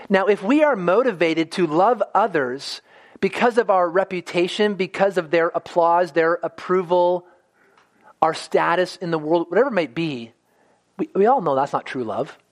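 A man's voice: high voice, animated, moderate pace. A man preaching a sermon in an earnest way, often stumbling and repeating words as he goes.

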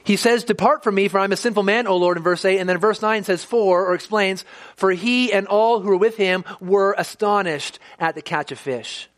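High-voiced man preaching conversationally. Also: moderate pace, a bit bright. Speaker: pastor. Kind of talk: sermon.

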